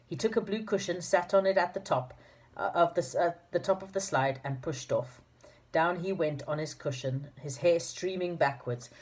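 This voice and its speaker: Woman, low-pitched voice, storybook read-aloud, relaxed and informal. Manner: informal, with fillers and restarts. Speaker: narrator.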